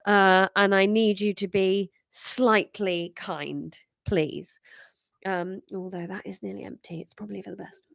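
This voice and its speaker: A congested woman in her thirties, her nasal voice sitting at an ordinary middle pitch. She chats in a rambling, self-mocking way on a live stream and reads her own story between asides. The sound is close and dry, with no room echo. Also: fairly even intonation, measured pace, gravelly. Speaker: comedian host reading her own story. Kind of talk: casual live-stream chat and reading aloud.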